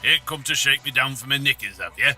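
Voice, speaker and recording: An actor voicing a rough, downtrodden prisoner in a game, wary and sarcastic toward newcomers. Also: male voice, mid-range voice, quick pace, bright, forceful tone, soft background music.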